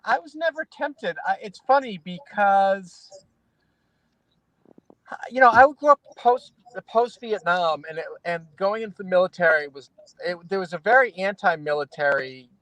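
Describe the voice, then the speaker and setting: A middle-aged man with a high voice talks as a guest in a casual chat, dry and close on the mic. He laughs easily and often restarts his sentences as he tells stories. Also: lively intonation, pushed and bright, dry recording, rough recording. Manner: laughs often, halting restarts while telling anecdotes.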